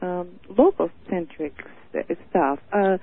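A woman's voice: on the low side, expressive, takes it slowly. A woman from Montana calling into a radio show, sassy and gushing, calling people honey. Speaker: caller. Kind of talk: casual phone call to radio show. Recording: tinny phone line.

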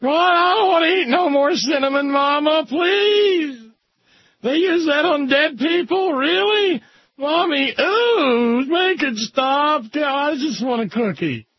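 A man's voice: very high-pitched, animated, slow, dry recording, voice pushed up, heavily acted. A man doing a whiny scared little kid. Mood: whining. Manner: whining, pleading. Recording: dull lo-fi recording.

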